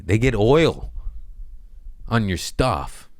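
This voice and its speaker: A man's voice: on the low side, expressive, takes it slowly, no room sound. A man hosting his own podcast, rambling crudely in a casual monologue and laughing at his own jokes. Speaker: podcast host.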